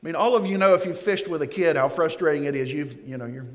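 A man preaching a sermon in a lively, joking way, acting out the scenes he describes. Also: a little high, fast. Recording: long reverb of a hall.

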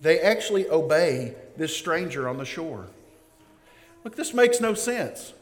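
A man preaches in a high, animated voice, joking and acting out the scenes he describes. His sermon rings through a hall with a long reverb. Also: a little slow. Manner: lively, joking, acts out scenes.

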